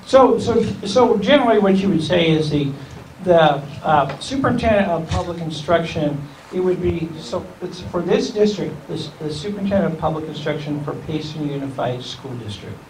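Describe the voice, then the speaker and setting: High-voiced man speaking in an echoey room. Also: expressive, normal speed, hardly any pauses. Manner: rambling, self-correcting, chuckling. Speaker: county school superintendent, guest speaker. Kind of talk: informal talk to a civic group. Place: meeting room. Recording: echoey room, distant mic, faint hiss.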